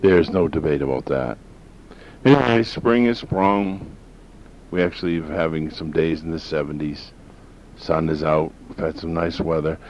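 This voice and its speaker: A man from northern Maine rambles through his radio show in a folksy, opinionated manner. His voice sits very low with a gravelly rasp. The sound is dull and lo-fi with a faint hiss. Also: moderate pace, darkish tone. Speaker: radio talk show host. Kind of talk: rambling talk radio monologue.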